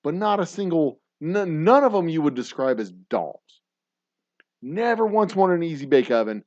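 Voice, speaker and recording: Forties male host, loose profane rambler, animated delivery, dry muffled mic. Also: fairly high pitch, normal speed, no room sound. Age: 40s. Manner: rambling and profane, many restarts. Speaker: podcast host. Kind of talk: casual chat with live viewers. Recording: dull dry lo-fi sound.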